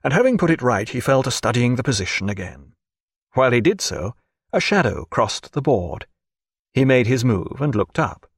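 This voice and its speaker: A man narrating a novel as an audiobook, expressive and varied. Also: medium pitch, moderate pace, husky, dry recording, clean studio sound.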